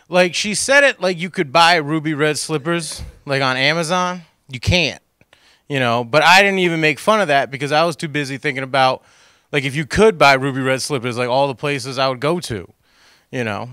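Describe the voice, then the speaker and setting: A man's voice: mid-range voice, fairly quick, sharp tone, clear, resonant tone, dry recording, clean studio sound. A man doing a stand-up comedy routine on a cable access stage, talking into a handheld mic with rambling, self-deprecating asides to the crowd. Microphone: handheld microphone.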